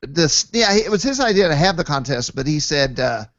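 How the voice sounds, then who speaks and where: A man's voice: fairly high pitch, sing-song, a little fast, a bit bright, dry recording. A man hosting a casual chat, joking and rambling with lots of fillers. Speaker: podcast host. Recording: dull lo-fi dry recording.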